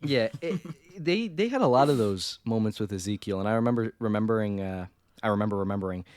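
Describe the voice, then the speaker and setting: A man's voice: fairly low pitch, fast talker, no echo, studio quality. A young man co-hosting a movie review show, chatting casually and animatedly about a film's flaws. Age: young adult. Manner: animated, jokey, talks over others. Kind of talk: casual chat.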